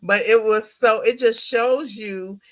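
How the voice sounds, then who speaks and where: A woman's voice: fairly high pitch, slow pace. Chatty woman recapping a film. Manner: chatty, animated retelling with laughs and questions to chat. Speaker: podcast host reviewing a film. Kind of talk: casual livestream film recap.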